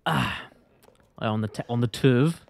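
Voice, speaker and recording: A man's voice: mid-range voice, unhurried, creaky, no echo. A man streaming a video game live, chatting loosely and rambling as he reads his chat aloud. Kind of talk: casual live-stream commentary.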